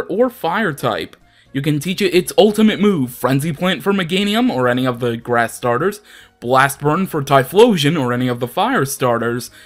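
Young male gaming host, casual and rambling, lively swings in pitch. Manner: chatty, rambling, self-deprecating. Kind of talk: casual let's play commentary.

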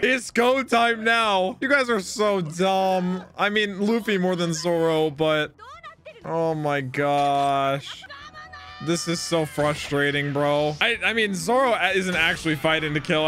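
A man hosting an anime reaction, talking casually to the screen, laughing often and shouting with excitement. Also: on the high side.

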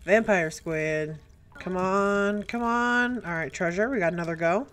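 A young woman giving let's play commentary, chatty and prone to excited squeals and gasps. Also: mid-range voice, measured pace. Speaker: gaming YouTuber. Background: faint game music.

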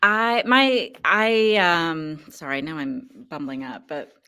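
A theater director in an interview, speaking earnestly and haltingly with frequent fillers. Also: female voice, low-pitched, bright, forceful tone, clean tone. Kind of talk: casual interview conversation.

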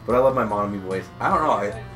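A young man hosts a gaming session, joking and laughing with friends in a loose, goofy way. His pitch swings widely from phrase to phrase. Game music runs underneath his voice. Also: expressive, very fast. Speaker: gaming video host. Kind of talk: casual comedic gameplay chat.

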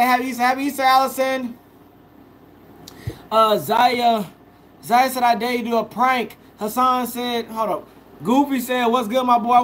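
A young man with an extremely high-pitched, slightly bright voice, recorded with a little hiss or hum, is a food vlogger on a live stream. He chats casually, reading viewer comments aloud and answering each one.

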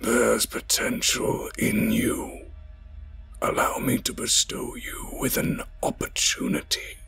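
A man voicing an unseen, deep-voiced creature in a slow, raspy whisper. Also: fairly bright tone, soft background music. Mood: ominous.

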